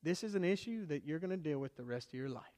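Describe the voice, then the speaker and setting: A man preaching a sermon to a church congregation, swinging between loud emphasis and hushed, quiet lines. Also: on the high side, animated, fast. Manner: preaching with dramatic swings from loud to hushed, acting out quoted voices. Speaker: pastor. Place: church sanctuary. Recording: long hall reverb.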